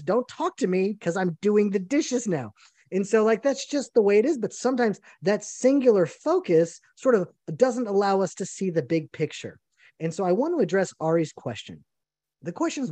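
A man teaching the Bible in a live online gathering, leading into his point with lively, chatty storytelling. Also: sits high, no room sound.

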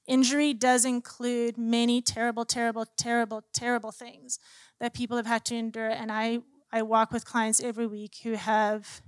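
A woman's voice: a little high, no room sound, clean studio sound. A woman who works as a Christian counselor gives an earnest teaching talk and retells sessions with clients in quoted dialogue.

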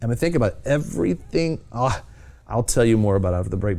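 A male Christian TV host speaks with an exhorting preacher's drive, pressing his points with fervor. His voice is mellow and dark in tone, and faint music plays under him. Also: mid-range voice, expressive, fast, creaky. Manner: fervent, exhorting preacher cadence. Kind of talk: evangelistic TV talk.

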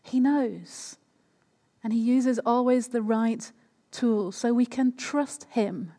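A woman's voice: on the high side, takes it slowly, dark tone. A woman preaching a sermon in a conversational way, often turning to the listeners with questions. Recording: long hall reverb.

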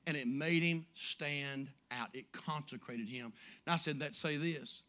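A pastor preaches in a church with a bright, forceful voice that sits a little high for a man. He swings from hushed, intimate passages up to loud, shouted peaks. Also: a little slow. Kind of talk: sermon. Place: church sanctuary.

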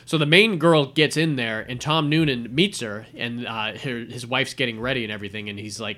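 Animated bright-voiced man telling a story. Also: mid-range voice, a little fast, few pauses. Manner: animated storyteller acting out quoted lines. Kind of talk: casual chat retelling a film scene.

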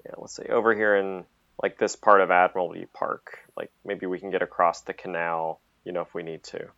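Man, tabletop player, very low voice, rambling, dull lo-fi recording. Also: little pitch movement, fairly quick, vocal fry, a bit bright, dry recording. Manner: rambling, loaded with "like". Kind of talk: tabletop game table talk.

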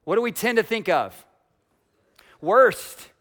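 A man preaching a sermon as pastor, swinging between loud emphatic declarations and quiet asides, asking his listeners direct questions. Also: sits high, animated, slow. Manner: asks the congregation direct questions.

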